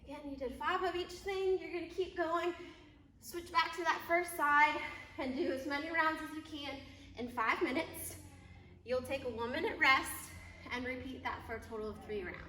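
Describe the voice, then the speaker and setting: A woman's voice: high voice, moderate pace, sharp tone. A woman fitness trainer explaining a kettlebell workout step by step while demonstrating the moves. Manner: clear step-by-step coaching, demonstrating while talking. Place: gym. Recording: echoey gym, mic at a distance.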